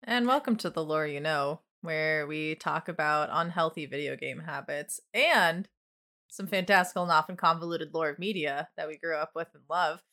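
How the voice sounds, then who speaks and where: A woman's voice: low-pitched, moderate pace, bright, forceful tone. A woman hosting a podcast, giggly and curious, asking lots of questions. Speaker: podcast host. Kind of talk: casual chat.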